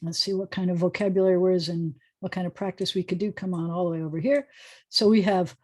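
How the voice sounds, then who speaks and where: A woman's voice: fairly low pitch, fairly even intonation, quick pace, a little mellow. Woman rabbi, online class teacher, patient and explanatory, sounds out syllables, video-call audio.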